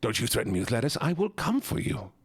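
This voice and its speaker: A man's voice: medium pitch, big pitch swings, fast, slightly rough, no echo. A man chatting playfully and animatedly with viewers on a live stream. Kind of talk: casual live-stream chat.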